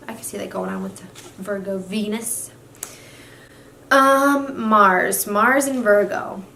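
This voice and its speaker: A woman's voice: mid-range voice, fairly bright tone. Chatty young woman in an echoey room. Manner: chatty, says "literally" and "like" a lot. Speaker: astrology vlogger. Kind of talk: casual talk to camera. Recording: echoey room with faint noise.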